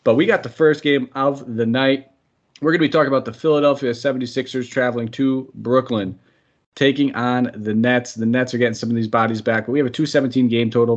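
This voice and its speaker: A man's voice: medium pitch, dull audio. A man hosting a podcast, upbeat and chatty, running through sports analysis and sometimes tripping over names. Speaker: podcast host.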